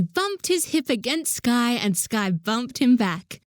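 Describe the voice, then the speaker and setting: A woman narrating a children's story in a gentle, even way. Her voice is high and she takes her time, and the recording is dry and close. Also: slow, few pauses, no room sound. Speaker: audiobook narrator.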